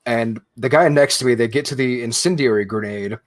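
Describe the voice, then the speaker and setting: A man's voice: mid-range voice, fairly quick, no echo. A young man co-hosting a podcast, telling stories in a laid-back, casual way. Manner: laid-back storytelling with frequent laughs. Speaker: podcast co-host. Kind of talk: casual chat.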